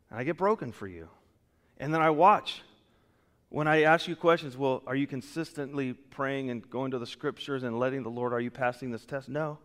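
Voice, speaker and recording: Animated preacher man in a reverberant hall. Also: mid-range voice. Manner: animated, acts out quoted excuses, voice rises and drops sharply. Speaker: pastor. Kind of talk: sermon. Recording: long reverb of a church hall.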